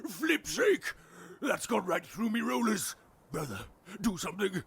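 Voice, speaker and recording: A man's voice: high-pitched, very animated, unhurried, vocal fry, very noisy, heavily acted. A man voicing a vain, fussy nobleman who whines about his hair. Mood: fretful. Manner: camp, whiny, fussy.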